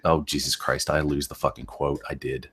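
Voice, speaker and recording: A man's voice: a bass voice, little pitch movement, moderate pace, fairly bright tone, slightly rough. A man co-hosting a casual podcast, laid-back and sardonic, laughing often. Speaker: podcast co-host.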